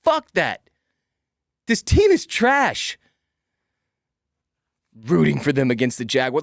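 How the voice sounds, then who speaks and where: A man hosting a casual sports podcast, venting in a profane, exasperated rant. His voice sits high and swings widely in pitch. The sound is dry and close, with no room echo. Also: wildly swooping pitch, takes it slowly, creaky, pauses often. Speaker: podcast host.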